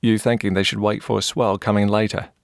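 A man's voice: fairly low pitch, flat delivery, brisk, creaky, no echo, clean studio sound. A man voicing a curious male surfing crew member who asks questions in a storybook reading.

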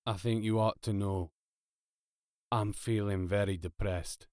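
A man voices a gloomy male robot who drones in a low, hopeless monotone. The voice is deep and subdued. It is recorded dry and close. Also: slow pace, smooth, no echo.

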